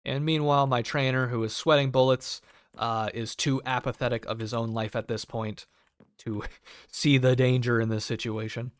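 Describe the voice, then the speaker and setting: A man's voice: medium pitch, steady tone, normal speed, clean tone, no room sound, clean studio sound. Sarcastic, cursing young man telling a story. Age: young adult. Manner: profane, sarcastic, acts out quoted voices. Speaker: cable technician storyteller. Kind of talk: casual storytelling vlog.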